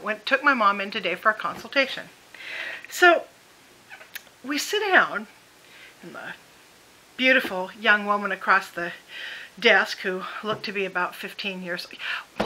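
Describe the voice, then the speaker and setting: A middle-aged woman telling a comic story in an animated, exasperated, wisecracking way. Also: medium pitch, poor audio. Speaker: vlogger. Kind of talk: comedic storytelling.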